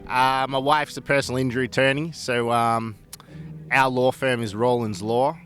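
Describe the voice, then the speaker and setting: A man's voice: medium pitch, fairly even intonation, normal speed, fairly bright tone, soft background music. A man, a boxer and case manager, giving casual, plain-spoken interview answers.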